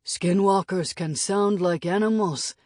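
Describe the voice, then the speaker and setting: A woman doing a solemn scout with a deep, carrying voice. He speaks slowly and gravely. The audiobook sound is dry and close. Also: a little mellow, no echo.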